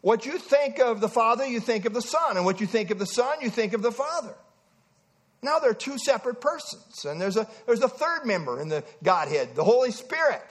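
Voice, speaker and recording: A man preaching a sermon to a congregation, emphatic and animated, often restarting his phrases. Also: very high-pitched, a little fast.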